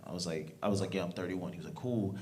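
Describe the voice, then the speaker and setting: A man's voice: sits low, fast, heavy background noise. A man in his thirties from New York doing a stand-up comedy set in a club, telling stories in loose slang with laughing asides. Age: 30s. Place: comedy club with live audience. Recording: loud crowd in a club.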